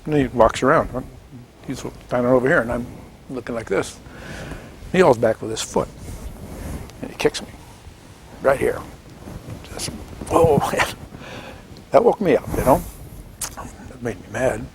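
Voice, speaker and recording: Gravelly older man telling a war story. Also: medium pitch, unhurried, long pauses, slight background noise. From Washington State, United States. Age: 70s. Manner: animated storytelling, acts out quoted voices, chuckles often. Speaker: veteran interviewee. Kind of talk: oral history interview.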